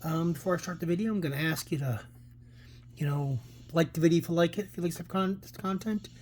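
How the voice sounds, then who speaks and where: A man's voice: fairly high pitch, fast, a little mellow, a little hiss or hum. A man hosting a casual comic book read-through, rambling with many fillers and restarts. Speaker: comic book channel host.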